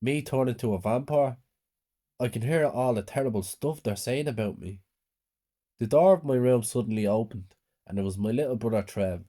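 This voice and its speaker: A man calmly narrating a scripted first-person horror story. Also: medium pitch, normal speed.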